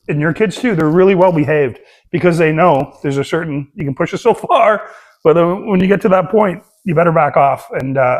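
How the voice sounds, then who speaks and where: A middle-aged man co-hosting a casual podcast, his voice pitched a little high for a man. He is jokey and laughs often, then turns reflective when he talks about being a father. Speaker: podcast co-host. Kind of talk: casual chat.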